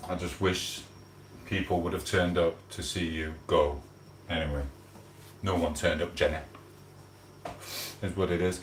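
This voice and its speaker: Male streamer, casual rambling chat with viewers, low-pitched, echoey home room. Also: normal speed, pauses often, slight background noise. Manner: chatty, greets viewers by name, rambling. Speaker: livestream host.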